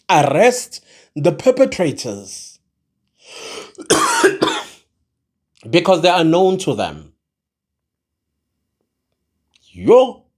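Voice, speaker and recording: Slow, animated South African vlogger. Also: medium pitch. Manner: exasperated, switches into Zulu mid-sentence. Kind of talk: opinion commentary to camera.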